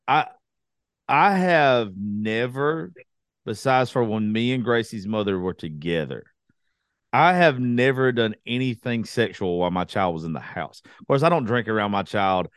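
A man's voice: lowish voice, animated, moderate pace, smooth. A man hosting a casual talk, blunt and swearing but supportive. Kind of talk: casual chat.

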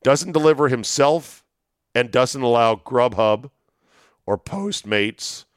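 A man hosts a solo talk segment, spinning anecdotes with wry asides in a medium-pitched voice. His voice is wearing thin and a little hoarse. The sound is close and dry, with no room around it. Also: lively intonation, takes it slowly, no room sound. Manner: chatty, storytelling, wry asides. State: voice going hoarse. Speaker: sports radio host. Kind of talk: solo monologue, casual chat.

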